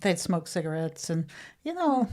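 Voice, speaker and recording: A woman's voice: fairly low pitch, sing-song, moderate pace, a little mellow. A middle-aged woman co-hosting a podcast in casual chat, rambling and correcting herself as she goes, laughing often. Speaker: podcast co-host.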